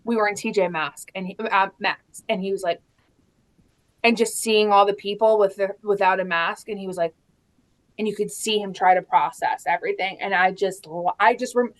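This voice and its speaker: A woman in her thirties chatting casually about parenting, animated and laughing often as she acts out quotes. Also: mid-range voice, normal speed. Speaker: guest mom. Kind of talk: casual chat.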